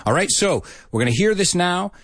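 Male live-stream English teacher, husky voice, lively swings in pitch, dry close sound. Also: fairly quick, no echo. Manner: lively, mixes in Spanish, laughs often. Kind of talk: casual live-stream lesson.

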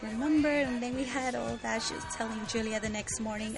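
A woman's voice: a little high, fairly even intonation, fairly quick, vocal fry, over music, poor audio. A bubbly, giggly woman co-hosting a podcast, chatting casually about a book series and reading out listener comments. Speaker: podcast co-host.

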